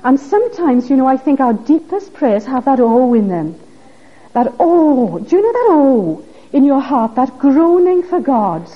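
A woman's voice: sits high, big pitch swings, moderate pace. A woman preaching a sermon, pressing her listeners with earnest, pleading questions. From Wales. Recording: dull lo-fi recording.

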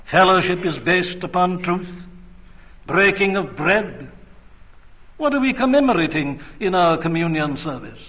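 A man's voice: high-pitched, expressive, a little slow. A man preaching a sermon in a church, earnest and emphatic, pressing his hearers with rhetorical questions. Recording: dull lo-fi archive recording.

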